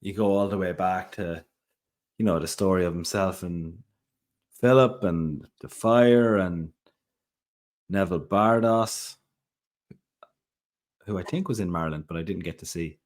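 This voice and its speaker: Low-voiced chatty male podcaster. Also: measured pace, pauses often. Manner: rambling, chatty, many fillers and asides. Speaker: podcast co-host. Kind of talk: casual chat.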